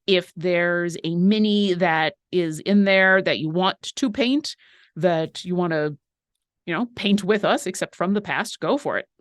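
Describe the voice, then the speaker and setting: A woman's voice: on the low side, no echo, clean studio sound. A woman co-hosting a live painting stream, reading viewer questions and chatting in a rambling, talkative way. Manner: chatty and rambling, quick asides.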